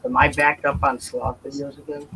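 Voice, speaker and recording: A man's voice: mid-range voice, flat delivery, moderate pace. Chatty male stream host, noisy audio. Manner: rambling, chatty, self-correcting. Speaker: host of a live building stream. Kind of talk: casual live-stream chat.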